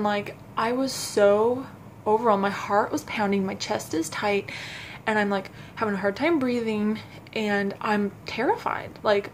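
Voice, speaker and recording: A young adult woman vlogging to camera, telling a personal story in a halting, self-conscious way with frequent restarts. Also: fairly high pitch, a little hiss or hum.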